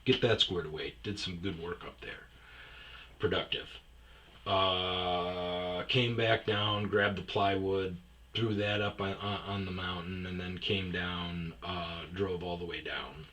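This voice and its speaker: A man telling a story casually, animated and swearing freely. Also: deep voice, slow pace, slight background noise.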